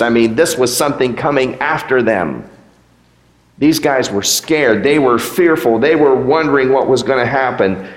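Man, pastor, conversational sermon, rhetorical questions, reverberant church hall. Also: medium pitch. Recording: echoey hall with long reverb.

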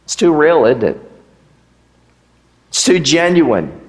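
A man preaching a sermon as pastor, animated, with rising emphasis and rhetorical questions. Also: on the high side, slow pace. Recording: echoey hall.

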